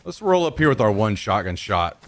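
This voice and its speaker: A man's voice: on the low side, sing-song, a little fast, a bit bright. Rambling Southern-accented man gaming. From Missouri. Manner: rambling, drawling, trails off mid-sentence. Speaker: streamer. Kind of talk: casual gaming chat.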